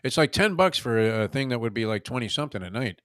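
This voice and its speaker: Man, radio co-host, casual food chat, stammers and repeats words, quick delivery, dry studio mic. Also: medium pitch, animated, fairly bright tone, no room sound.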